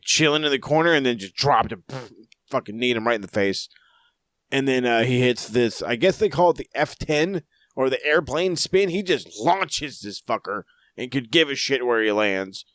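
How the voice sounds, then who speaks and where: A man's voice: mid-range voice, animated, moderate pace, fairly bright tone, dry recording, clean studio sound. Profane joking wrestling podcast man. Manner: rambling, profane, jokey recaps. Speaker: podcast co-host. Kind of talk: casual wrestling review chat.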